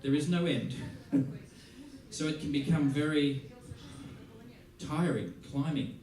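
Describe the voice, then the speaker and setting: A man's voice: a little high, slow pace. A man with an Australian accent giving a masterclass talk, telling stories animatedly, acting out what people said and laughing often. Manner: animated storyteller, acts out quotes, laughs often. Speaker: musician teaching a masterclass. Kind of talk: anecdote-driven talk to an audience. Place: large theater hall. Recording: echoey hall, voice from far off.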